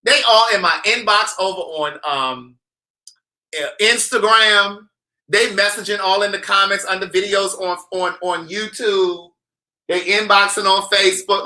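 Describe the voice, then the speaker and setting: A man hosting a casual vlog, talking to camera in an animated, sassy, teasing way. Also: high voice, measured pace. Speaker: vlogger host.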